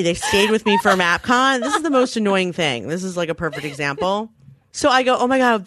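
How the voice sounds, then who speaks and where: Casting: lively woman co-host, expressive storyteller, dry close recording. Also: no room sound. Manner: animated storytelling, acts out quotes with big pitch jumps. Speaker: podcast co-host. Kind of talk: casual chat.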